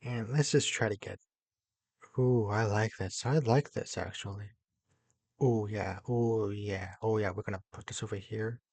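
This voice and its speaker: A young man giving casual commentary as he builds in a video game, excitable, muttering to himself and then bursting into loud exclamations. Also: lowish voice, measured pace, dry recording. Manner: excitable, talks to himself while building, jumps between mumbling and loud exclamations. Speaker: gaming YouTuber.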